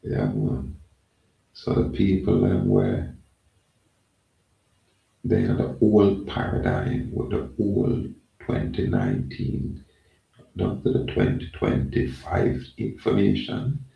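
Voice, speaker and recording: A man's voice: sing-song, lo-fi sound. A man with a Jamaican accent talking in a loose, rambling monologue, often saying "yeah, man". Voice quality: gravelly, low and slow. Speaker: channel host. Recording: echoey room, mic at a distance.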